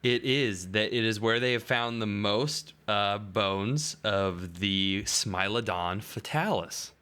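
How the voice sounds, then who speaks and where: Man, podcast co-host, casual chat, bright tone, lowish voice, deadpan, halting. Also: clean tone. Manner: deadpan, hesitant, dry jokes.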